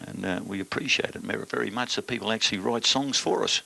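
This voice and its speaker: A man's voice: on the low side, fast talker, gravelly, pushed and bright. Crude, joking Australian man on stage. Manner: crude, joking, blokey patter. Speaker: singer and stage performer. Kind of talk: live stage banter.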